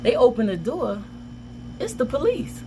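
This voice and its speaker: A woman vlogger telling a personal story in a casual, animated way, with dramatic outbursts. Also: on the high side, unhurried, background noise.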